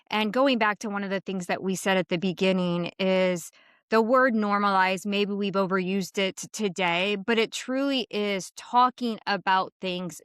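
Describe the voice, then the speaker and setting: A woman's voice: medium pitch, fairly bright tone, clear, resonant tone, dry recording, clean studio sound. A middle-aged woman hosting a podcast interview, speaking earnestly as a first responder's spouse and putting thoughtful questions to her guest.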